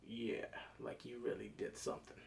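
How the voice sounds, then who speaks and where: A man reviewing a TV episode in a casual, animated way, swearing freely and acting out scenes with quick put-on voices. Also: lowish voice, gravelly. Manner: swears casually, slangy and emotional. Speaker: TV show reviewer.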